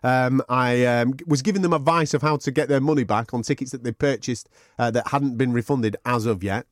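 A man's voice: medium pitch, brisk, no echo, clean studio sound. A man, co-hosting a podcast and telling a long sweary anecdote in casual chat. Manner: animated anecdote with sweary banter and laughter. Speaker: podcast co-host.

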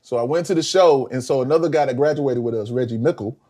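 Middle-aged male guest, animated raconteur, voices the people in his stories. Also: fast. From South Carolina, US. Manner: animated storyteller, acts out quotes with big pitch jumps. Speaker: guest, former band vocalist. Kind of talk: casual interview storytelling.

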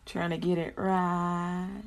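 Woman, Christian radio host, slow drawn-out prayers, chatty, laughs often. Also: on the low side, level tone.

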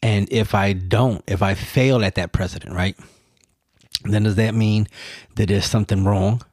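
A man's voice: lowish voice, steady tone, a little slow, darkish tone, no room sound, clean studio sound. A man hosting a casual solo podcast, rambling and swearing as he poses rhetorical questions to himself. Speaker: podcast host.

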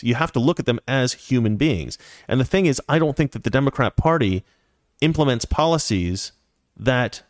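A man's voice: medium pitch, no echo, clean studio sound. A man in his forties from the United States hosting a casual political commentary show, speaking opinionatedly and directly to his viewers. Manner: opinionated, talks straight to viewers. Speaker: show host.

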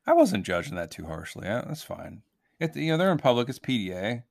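A man's voice: mid-range voice, very animated, fairly quick, vocal fry. A man co-hosting a podcast, chatting casually and rambling as he recaps scenes from a film. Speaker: podcast co-host. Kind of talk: casual movie-review chat.

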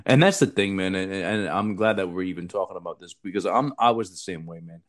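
A man in his thirties hosts a podcast and tells stories from his recruiting days. His low voice stays casual, blunt and full of swearing. He throws "bro" into nearly every line. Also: a little fast. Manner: blunt, profane, says bro a lot. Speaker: podcast host, former Marine recruiter. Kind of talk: casual storytelling chat.

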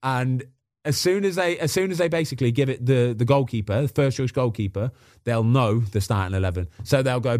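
A man's voice: medium pitch, fairly quick, darkish tone, no echo, clean studio sound. A man in casual podcast chat, telling stories about football and acting out what people said. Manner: chatty storyteller, acts out quotes. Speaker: former footballer guest.

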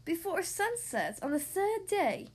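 A woman voicing a scheming, evil female sea witch in a storybook reading, drawn-out and gloating. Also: very high-pitched, very animated, pitched above the performer's own voice, heavily acted.

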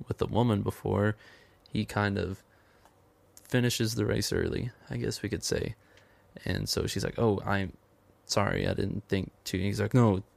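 A man's voice: fairly low pitch, vocal fry. A man casually retelling a film's plot in a rambling way, quoting the characters as he goes. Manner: rambling storytelling, quotes characters with "he's like". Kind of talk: casual film plot recap.

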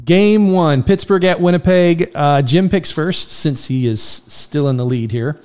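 A man's voice: fairly high pitch, unhurried, darkish tone, smooth. A middle-aged man hosting a casual hockey picks chat, running through each game in a laid-back way. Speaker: host.

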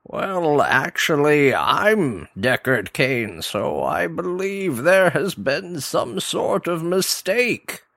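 A man plays an impostor old sage who puts on a deep, gravelly, sinister voice that swings up and down a lot. He speaks very slowly in a comedic call-in sketch, recorded close and dry. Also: very animated, a bit bright, no room sound, full character voice. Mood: pompous. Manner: deep, gravelly villainous impression.

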